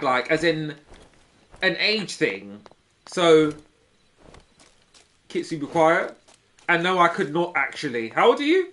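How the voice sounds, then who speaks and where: A man's voice: fairly high pitch, big pitch swings, slow, pauses often, fairly bright tone. A man in his thirties, a gaming streamer rambling through a gossipy story and teasing his chat. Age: 30s.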